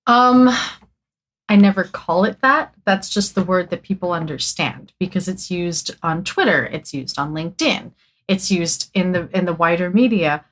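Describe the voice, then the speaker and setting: A woman's voice: lowish voice, animated, normal speed, a bit bright. A woman guest on a casual podcast, a content marketer who talks in a bubbly way and laughs easily.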